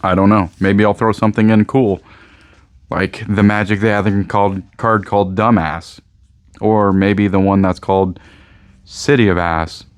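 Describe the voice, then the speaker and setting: Rambling low-voiced Midwestern man. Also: steady tone, normal speed, smooth, no echo. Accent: American Midwest. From Indiana, USA. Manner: rambling, joking, repeats himself. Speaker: card shop owner and channel host. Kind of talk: casual rant to camera.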